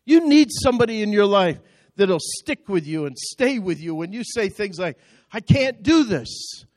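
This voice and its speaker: A middle-aged man preaching with a high, ringing voice. He drives his sermon with passion and calls the congregation to answer him back. The sound is close and dry. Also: lively intonation, normal speed, no room sound. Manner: impassioned, building to shouted call-and-response. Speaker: pastor. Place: church auditorium.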